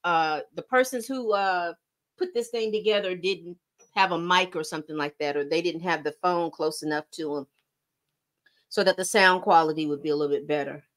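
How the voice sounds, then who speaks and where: A woman's voice: on the low side, normal speed. A woman hosting a casual commentary video, chatty and repeating herself as she talks her viewers through a story. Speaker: commentary channel host.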